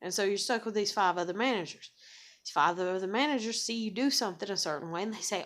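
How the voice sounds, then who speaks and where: A woman's voice: mid-range voice, quick pace, a bit bright. A young woman vents straight to the camera, cursing freely and circling back on herself. Her talk is loose and sarcastic, packed with "like" and "you know", and she pokes fun at herself as she goes. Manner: profane, rambling, heavy with "like" and "you know"; sarcastic, self-mocking. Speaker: vlogger. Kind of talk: casual venting monologue.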